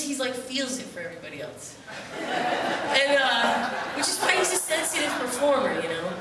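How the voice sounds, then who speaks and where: A woman's voice: high voice, sing-song, moderate pace, background noise. A woman from upstate New York, telling rambling, joking stories to a festival audience from a theater stage. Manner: chatty, joking, loose asides. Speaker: poet performing at a festival. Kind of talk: rambling comic stage storytelling. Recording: echoey theater, distant mic.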